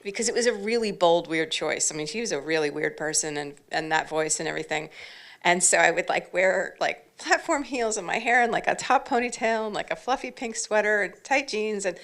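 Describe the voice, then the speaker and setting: A woman's voice: fairly low pitch, normal speed, fairly bright tone. A woman, an actress and panel guest, telling anecdotes in a chatty, casual way full of fillers like "like.".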